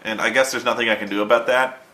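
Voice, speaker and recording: A man's voice: medium pitch, fairly even intonation, fast talker, pushed and bright, reverberant, slight background noise. A young man telling a long rambling, profane anecdote in a casual vlog, mocking himself and laughing along the way. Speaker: online video host.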